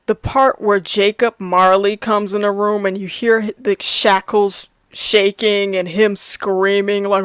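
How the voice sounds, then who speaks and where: A woman's voice: medium pitch, takes it slowly, clear, resonant tone, no room sound. A woman in her thirties chatting casually about her favorite films, laughing often and restarting her sentences. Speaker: movie reviewer. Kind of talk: casual movie review chat.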